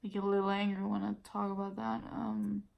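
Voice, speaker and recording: This twenty-something vlogger from Denmark speaks Danish natively and has a mid-range, monotone voice with vocal fry, brisk and a little mellow. Tired and nauseous, she vents casually to the camera, blunt and swearing, raising her voice when quoting others.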